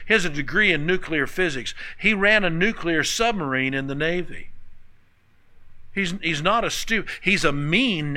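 A man preaches in a bright, forceful voice pitched a bit high. He talks in a folksy, conversational way, asking his listeners questions as he goes. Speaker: pastor. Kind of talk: sermon.

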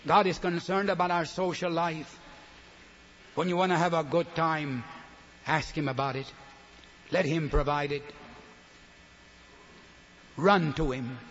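An older man preaching a sermon, emphatic, swinging between loud declarations and soft, low asides. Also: a little hiss or hum. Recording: long hall reverb, dull lo-fi sound.

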